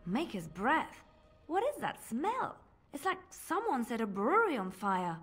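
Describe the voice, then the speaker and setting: An actress playing a wry adventuring companion in a video game. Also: female voice, fairly high pitch, wildly swooping pitch, a little slow, fairly bright tone, husky, faint music behind, heavily acted.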